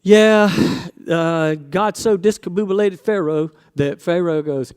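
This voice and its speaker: A man's voice: fairly high pitch, measured pace, few pauses, a little mellow, clear, resonant tone. A man preaching a casual sermon, asking his congregation questions and acting out quoted voices.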